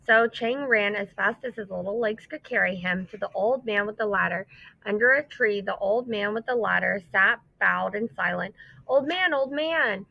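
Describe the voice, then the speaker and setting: A woman teacher who reads a story aloud to children and then explains it, in an expressive, emphatic way. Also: mid-range voice, moderate pace, vocal fry, no room sound. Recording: dull lo-fi dry recording.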